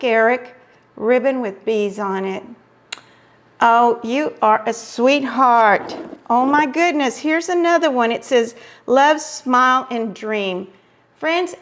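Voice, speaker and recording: Gushing woman, high and unhurried. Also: a bit bright, slight background noise. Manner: gushing, effusive exclamations. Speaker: craft vlogger host. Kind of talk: casual chat, unboxing mail.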